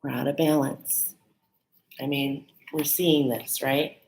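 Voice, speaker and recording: Low-voiced chatty woman reading cards. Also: fairly even intonation, slow, noisy background. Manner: warm, chatty, with fillers like "okay?" and "right?"; emotional, laughing and near tears at times. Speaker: spiritual card reader. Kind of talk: casual live card reading.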